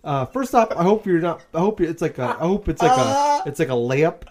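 A man's voice: high-pitched, sing-song, a little fast, darkish tone, a little hiss or hum. Rambling profane man, tired and delirious. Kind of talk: casual chat.

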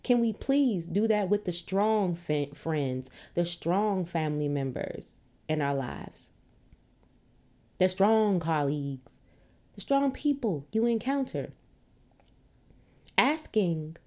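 A woman talking candidly at home into a podcast mic, emphatic and fond of rhetorical questions, laughing and swearing freely. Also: lowish voice. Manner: rhetorical questions, animated retorts. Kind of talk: casual monologue.

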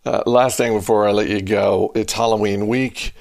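A man's voice: lowish voice, fairly even intonation, normal speed, creaky, darkish tone, dry recording, studio quality. A man hosting a podcast, chatting casually and restarting his sentences often. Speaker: podcast host.

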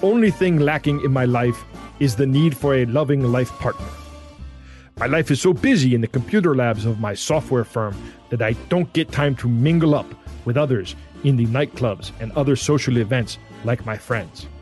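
A man's voice: medium pitch, moderate pace, a little mellow, soft background music, lightly acted. A man putting on a stilted Russian-accented woman. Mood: mock-earnest. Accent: put-on Russian accent. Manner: stilted, formal, mock-earnest reading. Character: woman from Russia, chirpy dating-site pitch.

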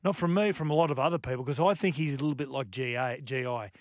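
A man's voice: medium pitch, fast, no room sound, studio quality. An Australian man co-hosting a sports radio show, giving casual analysis.

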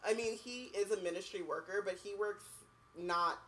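A woman's voice: medium pitch, moderate pace, low-quality recording. A woman co-hosting a podcast, chatting casually and reading a book aloud, with lots of "like" and "you know what I mean". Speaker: podcast co-host.

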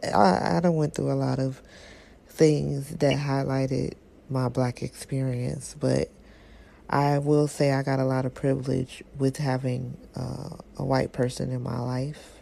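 Gravelly, mellow podcast co-host. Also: medium pitch, a little slow. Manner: relaxed, personal storytelling with Southern slang. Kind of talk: casual podcast chat.

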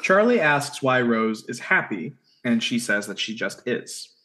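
A man in casual podcast chat, running through plot recaps at a brisk clip. He tosses in dry, wry comments between summary lines. His voice sits in an ordinary middle range for a man. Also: medium pitch, very animated, pushed and bright. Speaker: podcast co-host recapping episodes.

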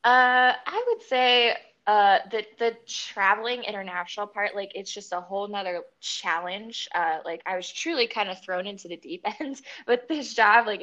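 A woman's voice: mid-range voice, normal speed, a bit bright. A young woman talks casually as an interview guest. She is chatty, laughs often and fills her sentences with "like". Her voice comes through a slightly muffled, lo-fi recording. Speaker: corporate pilot, podcast guest. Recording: slightly dull lo-fi sound.

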